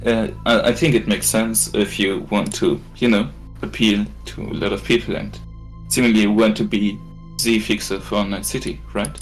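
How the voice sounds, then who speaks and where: A man's voice: fairly low pitch, fairly even intonation, moderate pace, soft background music, rough recording. A man playing his character at a tabletop role-playing game, hesitant and stammering. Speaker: player.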